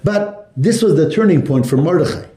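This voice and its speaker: A man's voice: a little high, moderate pace, reverberant, faint music behind. A man teaching a Torah lesson to a class, telling the story with animation and asking his students questions. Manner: animated, asks the class questions, mixes Hebrew and Yiddish terms.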